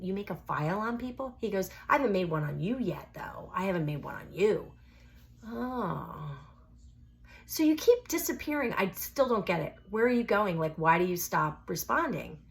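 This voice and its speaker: A middle-aged woman vlogging about a date gone strange. Her tone is dry and sarcastic, full of asides, and she mimics what others said to her. Her voice sits at an ordinary pitch for a woman. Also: moderate pace, creaky. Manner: wry, sarcastic, quotes people in lively asides. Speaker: vlogger telling a dating story. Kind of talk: casual storytelling.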